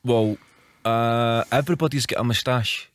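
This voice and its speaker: A man's voice: medium pitch, steady tone, normal speed. A man with a Scottish accent, a guest on a radio show, joking in a wry way. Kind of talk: casual radio chat.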